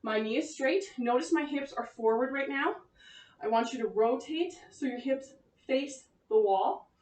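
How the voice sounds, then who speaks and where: A high-pitched woman coaches a cardio session while exercising, breathless and chatty, with easy laughs. Her voice sounds a little distant, caught by a far camera in an echoey room at home. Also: a little slow, darkish tone. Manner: encouraging, chatty, laughs often. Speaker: fitness instructor. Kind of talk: leading a home cardio workout.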